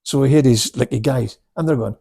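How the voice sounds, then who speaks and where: Gravelly older man telling stories. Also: mid-range voice, brisk. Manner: anecdotal, acts out both sides of dialogue with sudden loud bursts. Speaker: karate instructor, guest. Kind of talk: casual storytelling chat.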